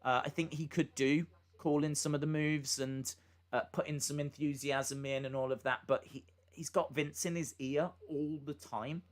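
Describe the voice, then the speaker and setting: A man's voice: fairly high pitch, steady tone, moderate pace. A man hosting a live reaction stream, chatting casually and rambling with fillers and asides between moments of commentary.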